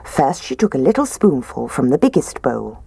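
A woman reading a children's fairy tale aloud in an expressive storybook manner. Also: a bass voice, normal speed, vocal fry, slightly rough, dry recording. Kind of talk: scripted narration of a children's story.

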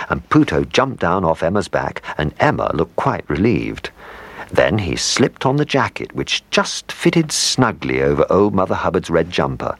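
Brief: low-voiced male storyteller, husky tone, very lively swings in pitch. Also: no echo. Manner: gentle, animated reading with asides to the listener. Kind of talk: scripted storybook narration.

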